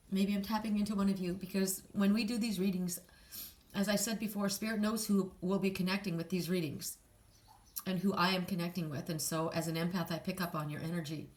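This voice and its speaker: A woman giving a casual spiritual card reading, talking straight to the listener in a rambling way, with restarts and soft sighs. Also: fairly low pitch, fairly even intonation, fairly quick. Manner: emotional, soft and sighing in places. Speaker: psychic card reader.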